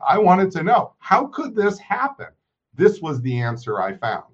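A man's voice: high-pitched, wildly swooping pitch, measured pace, breathy edge. A man, a political scientist, giving emphatic lecturing analysis in an interview, dropping his voice on grave points. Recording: muffled remote audio.

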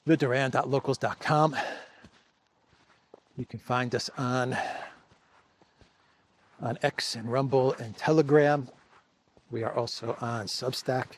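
A man's voice: mid-range voice, steady tone, slow pace, long pauses, slight background noise. A man hosting a political commentary show, talking casually and wryly, chuckling, with loose restarts.

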